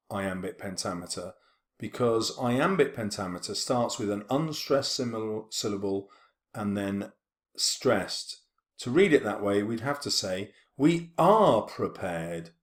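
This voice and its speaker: A man teaching a poetry lesson, explaining steadily with frequent ums and slowly stretching out quoted words. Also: on the low side, roomy sound. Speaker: English teacher.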